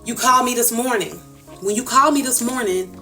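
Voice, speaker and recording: A woman's voice: on the high side, fairly quick, pushed and bright, distant mic, soft background music. A woman livestreamer giving a heated personal callout, emphatic and confrontational, repeating her points for force. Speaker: social media livestreamer.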